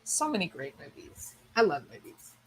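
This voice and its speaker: A woman's voice: fairly low pitch, big pitch swings, normal speed, fairly bright tone, a little hiss or hum. A woman streamer casually chatting with her viewers, rambling and thinking aloud with enthusiasm. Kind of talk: casual chat.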